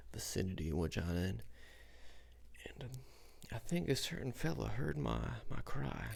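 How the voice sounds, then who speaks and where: Guy doing a whispery old cowboy storyteller, gravelly and husky, pitch jumps around a lot, whispered role-play. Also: exaggerated voice. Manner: rambling, full of restarts and fillers. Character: rambling former cowboy, adult man, good-natured.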